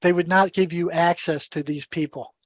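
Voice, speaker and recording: A man's voice: a little high, normal speed, no room sound. Older man telling a vivid story. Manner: animated storyteller who acts out dialogue; repeats words and restarts sentences. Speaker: podcast guest. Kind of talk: storytelling in an interview.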